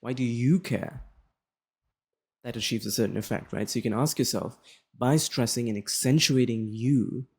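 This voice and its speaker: A young man, explaining a lesson in a relaxed, casual way and often checking in with "right?". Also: fairly low pitch, creaky, breathy edge. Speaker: tutor.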